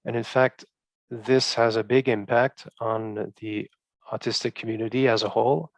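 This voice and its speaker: A male researcher presenting study results in a halting way, with many fillers and restarts. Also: mid-range voice, fairly even intonation, no echo.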